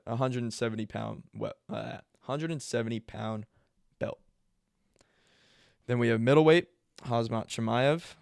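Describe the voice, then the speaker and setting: A man's voice: on the low side, vocal fry, no echo, clean studio sound. A man explaining a sport casually, rambling and often correcting himself mid-sentence. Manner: rambling, self-correcting, filler-heavy. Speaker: MMA video host.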